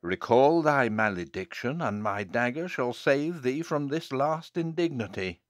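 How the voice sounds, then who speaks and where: A man's voice: mid-range voice, expressive, measured pace, no room sound, studio quality, close to an everyday voice. A man voicing a furious, vengeful male wizard who speaks in fierce, snarling outbursts. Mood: menacing.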